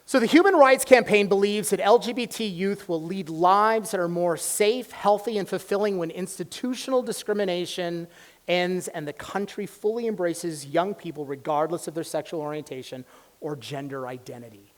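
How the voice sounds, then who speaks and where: A man, a college professor, giving an impassioned public lecture in a campus hall, swinging from loud exhortation to hushed storytelling. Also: sits high, normal speed.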